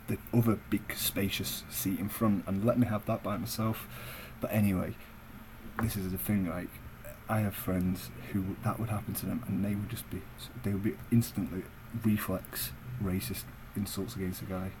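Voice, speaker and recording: A young man tells a story in a low-pitched voice, blunt and full of swearing. He talks to the camera in a casual, conversational way, with some faint background hiss. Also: flat delivery, moderate pace, a little mellow, low-quality recording. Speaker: vlogger. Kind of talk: profane storytelling rant.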